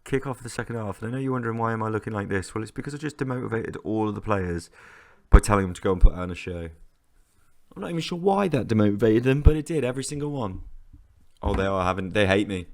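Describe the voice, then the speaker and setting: Male gamer, low and gravelly, exasperated live commentary with repeated phrases. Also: quick pace. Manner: animated, exasperated and ranting, frequent repeats. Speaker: gaming YouTuber. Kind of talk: live commentary over a football management game.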